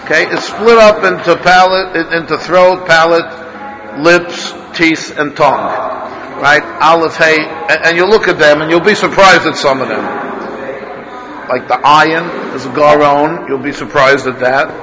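A man's voice: fairly high pitch, unhurried, background noise. A man teaching a Torah study class as a rabbi, thinking aloud, asking his students questions and restarting his sentences often.

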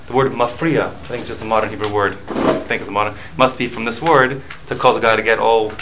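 Halting man teaching a Talmud class. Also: on the low side, steady tone, noisy background. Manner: halting, repeats words, explains with examples.

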